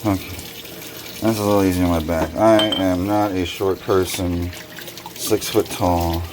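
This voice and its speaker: A somewhat low-voiced man vents his frustration while he washes dishes at a kitchen sink. His casual vlog talk turns loud and heated when he recounts arguments. Running water and clattering dishes fill the noisy background. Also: steady tone, a little slow. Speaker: vlogger. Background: running water and dish washing.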